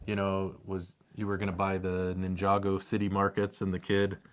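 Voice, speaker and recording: A man's voice: low voice, monotone, normal speed, crowd noise. A man co-hosting a casual chat, reading viewer comments in an easygoing way and laughing often.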